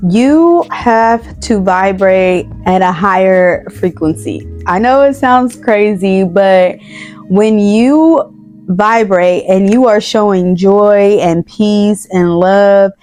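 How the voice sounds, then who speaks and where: A woman's voice: medium pitch, a little mellow. A woman in her thirties, a nurse practitioner, gives casual motivational advice to camera, stressing and repeating her key points. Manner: emphatic, repeats key phrases, speaks straight to viewers.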